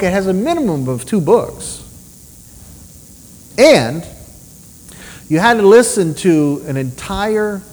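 A man preaching a sermon with personal testimony, telling stories in an animated way and asking rhetorical questions. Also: high voice. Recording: long reverb of a large hall.

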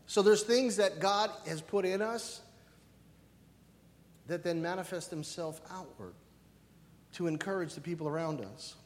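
A male pastor preaching a lively, conversational sermon, often checking in with "right?". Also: sits high, measured pace, pauses often. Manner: animated, conversational, keeps asking "right?". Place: church sanctuary. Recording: reverberant hall.

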